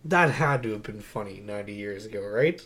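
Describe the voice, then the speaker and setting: Young man, animated and incredulous. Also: on the low side, fairly quick, slight background noise. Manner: animated, incredulous, laughing storyteller. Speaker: podcast co-host. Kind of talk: casual movie review chat.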